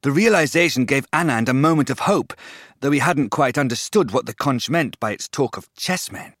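Male audiobook narrator, expressive storyteller, animated delivery, dry sound. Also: mid-range voice, normal speed, no room sound.

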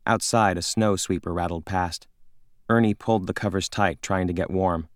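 A man reading a children's novel aloud in a calm, measured narration. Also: deep voice, dry recording, clean studio sound. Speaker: audiobook narrator. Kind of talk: scripted narration.

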